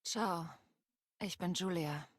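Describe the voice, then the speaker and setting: A woman voicing Julia, a game character who quietly recounts her life story in a hushed, low-key way. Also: slow pace.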